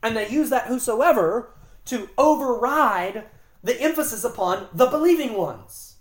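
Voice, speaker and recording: A woman's voice: on the high side, expressive, measured pace, echoey room. A woman giving a Bible lesson, explaining the grammar of a verse with emphatic repetition. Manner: emphatic, explanatory, repeats key phrases. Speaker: Bible teacher. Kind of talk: Bible teaching on scripture and grammar.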